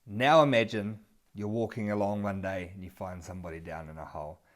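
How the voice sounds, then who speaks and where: A man's voice: lowish voice, a little fast. A man and regular vlogger telling a story straight to camera in a casual, conversational way, talking the viewer through it. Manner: relaxed, conversational, second-person storytelling.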